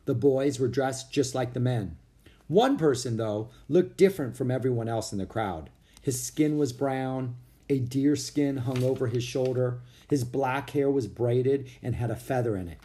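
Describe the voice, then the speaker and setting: A man's voice: mid-range voice, lively intonation, moderate pace, warm tone. A man narrating a children's chapter book expressively, switching into voices for each character.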